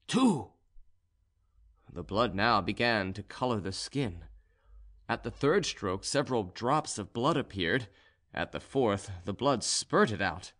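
A medium-pitched male audiobook narrator reads a classic novel aloud. His scripted narration is measured and even, in a storytelling manner.

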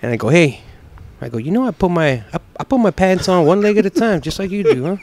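A man's voice: sits high, lively intonation, quick pace, a little mellow, no room sound. A man with a Texan accent, a pitmaster guest in a casual chat, telling stories, swearing freely and acting out quotes. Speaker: pitmaster and restaurant co-owner, guest.

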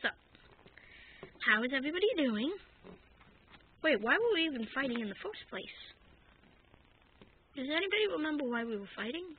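A woman's voice: high-pitched, very animated, brisk, long pauses. A woman acting out a playful action figure wrestling skit, rambling and bantering back and forth with herself. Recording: tinny phone-like recording with faint noise.

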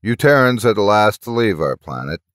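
Man doing a stern Martian officer, low voice, commanding, cold. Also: big pitch swings, normal speed, fairly bright tone, no echo, clean studio sound.

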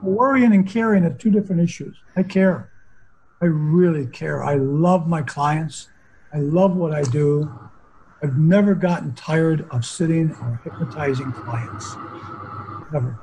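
A man's voice: a little high, measured pace, darkish tone, a little hiss or hum, low-quality recording. An older man, a hypnotherapist guest, talking in a philosophical, rambling conversational way. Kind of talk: casual conversation.

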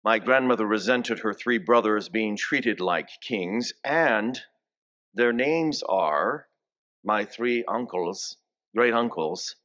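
His voice is lowish, expressive and somewhat bright as this bishop in his sixties preaches a homily in church. Slow and full of family stories, he coaxes the congregation to repeat greetings.

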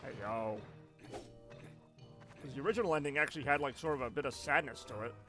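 A man's voice: medium pitch, moderate pace, sharp tone, faint music behind. A man streaming a game live, rambling and joking as he chats with his viewers. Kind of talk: casual live stream gameplay commentary.

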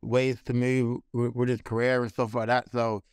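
A man from the UK, a fighter guest, talking casually in halting sentences full of fillers. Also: medium pitch, little pitch movement, clean tone, no room sound, studio quality. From United Kingdom. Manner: halting, full of fillers and restarts, laughs easily. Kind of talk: casual interview chat.

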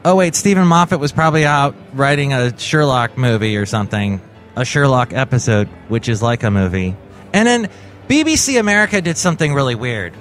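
A man's voice: medium pitch, animated, brisk, fairly bright tone, faint music behind. A man hosting his own daily podcast from home, rambling in a jokey, sarcastic monologue. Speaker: podcast host. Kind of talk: casual comedic monologue.

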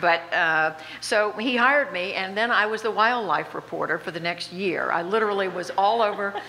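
A woman in her seventies with a slight Southern accent tells animated, self-deprecating stories as an honored guest in an on-stage interview, laughing often. She speaks at normal speed in a mid-range voice, recorded in a reverberant hall with faint background noise.

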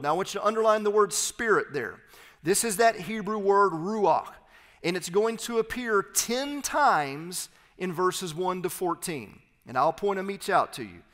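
A man preaching an expository sermon as pastor, reading scripture aloud and explaining it with emphatic, slowed phrases. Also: sits high, animated, a bit bright, long reverb tail. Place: church sanctuary.

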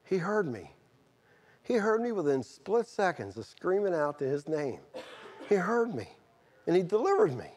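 A middle-aged man, preaching a sermon and telling a personal testimony, moving from quiet storytelling to fervent outbursts. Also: sits high, very animated, normal speed, pauses often. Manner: earnest, swings from quiet storytelling to shouted fervor.

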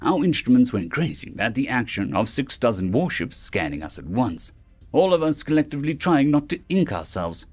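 A male narrator reads a science fiction tale in a polished, scripted way. His pitch rises and falls with a lively swing, and he slips into the characters' lines as they speak. A faint bed of music runs under his voice. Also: moderate pace.

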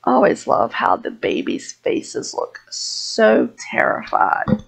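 Slow-talking creaky woman narrating gameplay. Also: very deep voice, huge pitch swings, low-quality recording. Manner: chatty, voices her Sim's reactions in quick asides. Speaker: gaming YouTuber. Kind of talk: casual Let's Play commentary.

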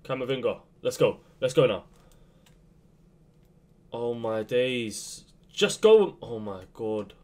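A young man commentating his own football video game match, swinging between low muttering and sudden shouts. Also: takes it slowly, pauses often. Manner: excitable, swings from muttering to yelling. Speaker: gaming youtuber. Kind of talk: live gameplay commentary.

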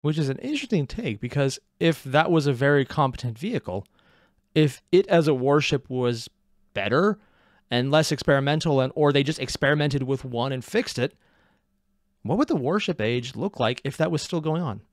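Here the reaction host has a mid-range voice and a moderate pace, captured in a dry, clean studio recording. His commentary is animated and joking, peppered with sarcasm and laughter at his own gags.

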